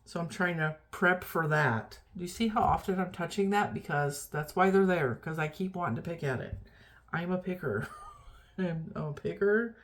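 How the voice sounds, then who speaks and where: A woman's voice: lowish voice, moderate pace. A middle-aged woman vlogging in a rambling, chatty, self-deprecating way, tired and yawning as she talks. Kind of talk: casual chat.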